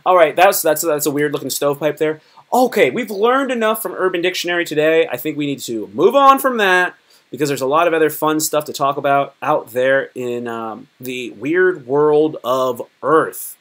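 A man's voice: a little high, lively intonation, moderate pace, a bit bright. A man from Virginia chatting casually on a live stream, joking and rambling in a loose, slangy way. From Virginia, United States.

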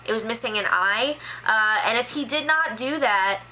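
A chatty woman rattles through a reality show recap with a bright, forceful tone and a voice pitched a little high. She talks casually with plenty of fillers. A faint hiss of noise sits behind her. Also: rough recording. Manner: chatty, filler-heavy, quick impressions of people she quotes.

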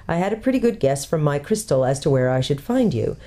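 A woman's voice: deep voice, sing-song, fairly quick, mellow. A woman voicing an old male tutor, learned and kindly, courtly and precise as he explains, in a storybook reading. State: out of breath from hurrying.

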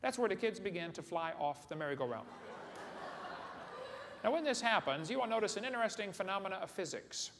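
A man's voice: sits high, animated, brisk, pauses often. A man giving a humorous lecture to a live audience in a large hall, folksy and joking, often putting questions to the crowd. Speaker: seminar speaker. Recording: echoey hall, faint room noise.

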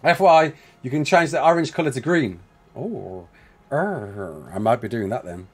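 A young man with a Brummie accent, live-streaming a survival game and reading out chat questions in a rapid, excitable way with frequent laughter. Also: mid-range voice, husky. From West Midlands, England.

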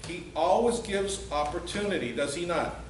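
High-voiced pastor preaching in a roomy hall. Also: male voice, normal speed, a little hiss or hum. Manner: earnest, emphatic preaching with acted-out quotes. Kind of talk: sermon. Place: church sanctuary. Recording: echoey church hall, mic at a distance.

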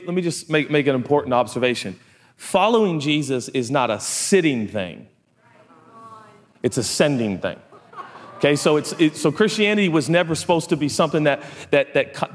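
Animated male pastor in a reverberant hall. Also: mid-range voice, normal speed. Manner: animated storytelling, acting out voices, swings from hushed to loud. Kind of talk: sermon.

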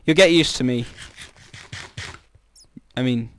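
A man's voice: mid-range voice, takes it slowly, a little hiss or hum. A man giving rambling, chatty commentary while playing a game, breaking into startled exclamations. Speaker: gamer. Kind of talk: casual gameplay commentary.

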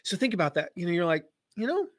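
A man with a fairly high voice talks through a live lesson in a dry, close-up sound with no room around it. He is conversational and emphatic and slips into quoted voices to make a point. He sounds middle-aged. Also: racing, fairly bright tone, dry recording. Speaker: marketing coach.

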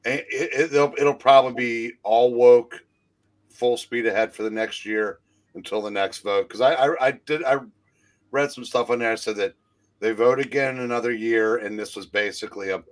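A man co-hosting a casual chat, halting and repeating words as he thinks. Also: mid-range voice.

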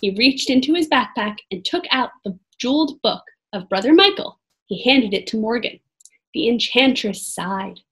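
A woman reading a children's chapter book aloud expressively, pausing to talk to her listeners. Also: on the high side, husky. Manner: expressive, pauses to comment to listeners. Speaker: storybook reader.

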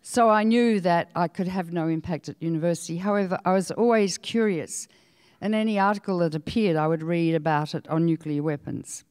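A woman's voice: lowish voice, fairly even intonation, a little fast, a little mellow, clean tone, dry recording, studio quality, in a large hall. An older woman with an Australian accent giving a public lecture, telling stories in a frank, outspoken manner. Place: lecture hall.

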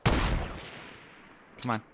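A young man hosting a gaming channel, excitedly narrating his own gameplay and reacting out loud to every shot. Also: drawn-out words, noisy background. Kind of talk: live gameplay commentary.

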